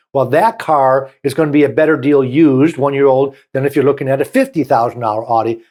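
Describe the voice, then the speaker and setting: A man's voice: mid-range voice, darkish tone. Southern guy hosting a car show, folksy, reads a bit then riffs with asides. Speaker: car dealer show host. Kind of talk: opinionated talk-show commentary.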